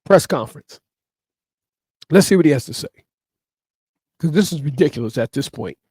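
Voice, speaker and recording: A man's voice: on the high side, lively intonation, moderate pace, dark tone, slightly rough, no echo, studio quality. A man ranting through sports opinion commentary, emphatic and repeating his points over and over.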